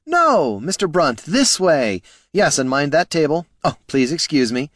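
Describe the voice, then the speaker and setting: A man voicing a prim, harried gnome gentleman who speaks with fussy, clipped courtesy. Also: fairly high pitch, lively intonation, normal speed, no echo, clean studio sound, pitched above the performer's own voice.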